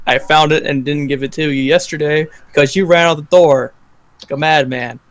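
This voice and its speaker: A young man playing a tabletop game, speaking in a halting, hesitant way. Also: a little high, steady tone, no room sound. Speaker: player.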